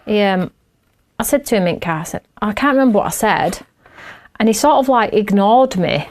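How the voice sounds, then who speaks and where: A woman's voice: medium pitch, animated, moderate pace, darkish tone, a little hiss or hum. A middle-aged woman, chatting and laughing as she hosts a craft show while she works. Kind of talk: casual chat while crafting.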